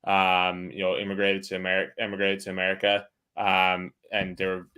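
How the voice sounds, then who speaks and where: A man's voice: low-pitched, completely flat delivery, moderate pace, sharp tone, clear, resonant tone. An Irish man from Ireland, a distillery guest talking casually and hesitantly with many fillers and restarts. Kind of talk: casual interview chat.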